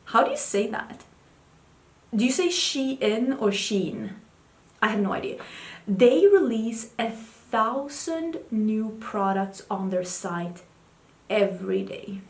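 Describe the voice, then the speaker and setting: Speaking slowly with big pitch swings, a woman beauty vlogger discusses new makeup releases in a casual, candid chat. She talks to her cat in a high baby voice, and the recording sounds reverberant.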